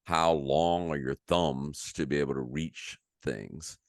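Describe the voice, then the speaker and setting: Radio co-host guy with a really deep voice, short quips, dry sound. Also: slow pace, gravelly, dry recording. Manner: chimes in with short agreeing quips. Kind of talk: casual radio chat.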